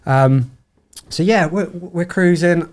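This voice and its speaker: A man's voice: fairly high pitch, slow. A middle-aged man, a podcast guest, telling his story in a casual, chatty way and acting out the voices of the people in it. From United Kingdom. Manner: chatty, acts out quoted dialogue with lively voice shifts.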